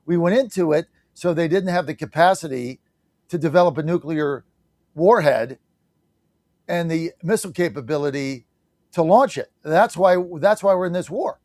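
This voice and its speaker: A male talk radio host with a fairly high voice delivers blunt, fired-up opinion and doesn't mind salty language. The sound is dry and close to the mic. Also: a little mellow, no room sound.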